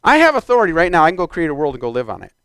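A man preaching a sermon, moving from quiet, measured teaching to loud, exclaimed calls to the congregation. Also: fairly high pitch, wildly swooping pitch, clear, resonant tone, dry recording.

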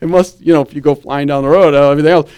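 High-voiced preacher calling for amens. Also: male voice, rapid-fire, smooth. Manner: animated storytelling with calls for amen. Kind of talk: sermon.

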